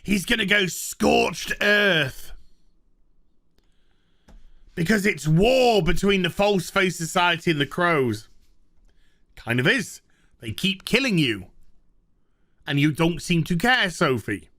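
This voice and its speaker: A man's voice: on the high side, lively intonation, measured pace, long pauses, fairly bright tone. A man reviewing a TV show in a sweary, sarcastic, exasperated rant. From Northern England.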